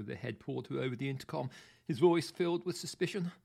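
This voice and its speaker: A man's voice: medium pitch, fairly quick, gravelly, darkish tone. A man narrating a first-person audiobook story in a theatrical, arch manner, savouring his words.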